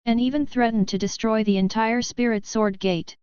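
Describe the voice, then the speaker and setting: A woman's voice: on the high side, steady tone, normal speed, darkish tone, smooth, no echo, close to an everyday voice. A woman narrator reading the lines of a sinister, contemptuous male martial villain from a storybook. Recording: dull lo-fi audio.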